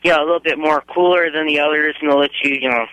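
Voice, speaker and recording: A man's voice: on the high side, steady tone, very fast, pushed and bright, dry recording, poor audio. Eager teenage boy calling in. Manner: eager, stumbling, friendly. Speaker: caller. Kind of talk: phone-in chat.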